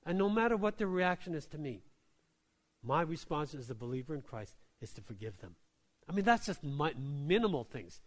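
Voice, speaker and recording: A pastor preaching a sermon in a conversational way, often checking in with the listeners and dropping soft and slow on key lines. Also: male voice, a little high, big pitch swings. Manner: conversational preaching with many tag questions.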